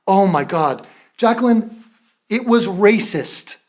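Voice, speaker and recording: A man's voice: sits high, animated, slow pace. A man rants through a reaction video with profanity and open mockery. He sounds exasperated throughout. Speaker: commentary channel host.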